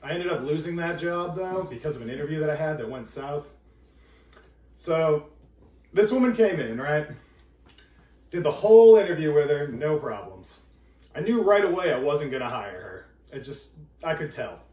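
A man's voice: fairly high pitch, lively intonation, normal speed, long pauses, darkish tone. A man doing a stand-up set in a living room, telling a joke story with confident punchlines. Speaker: stand-up comedian and game contestant. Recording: echoey room from far off.

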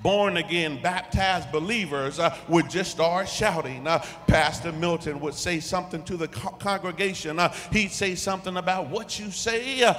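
A man's voice: high voice, normal speed, hardly any pauses, fairly bright tone. A man preaching a sermon as guest preacher, using many "uh" fillers and building repetitive call-and-response refrains. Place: church sanctuary. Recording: long church reverb.

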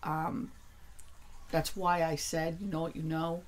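Woman, lowish voice, blunt, emphatic, swears freely, casual talk. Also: little pitch movement, slow, slight background noise. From New Hampshire. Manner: grows heated and insistent. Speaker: author and energy worker guest. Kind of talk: casual conversation.

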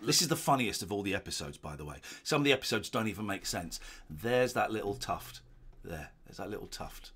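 Middle-aged man, casual commentary, bright tone, lively intonation, home living room. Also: a little fast, breathy edge. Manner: rambling, chatty, drifting into low asides. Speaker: host watching an old show. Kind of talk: casual watch-along commentary.

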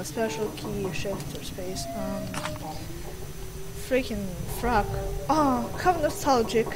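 A woman's voice: a little high, noisy background. A woman giving casual let's-play commentary on a horror game, reading its text aloud, laughing often and swearing over game music.

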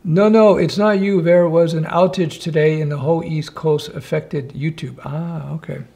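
Gravelly man chatting on a live stream. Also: on the high side, fairly even intonation, normal speed, dark tone. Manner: chatty, reads chat questions aloud, wry asides.

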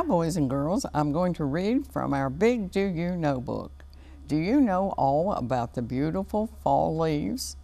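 A woman hosting a children's TV program in a studio, reading a storybook aloud to children in a gentle, child-directed way. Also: fairly low pitch, gravelly, no room sound.

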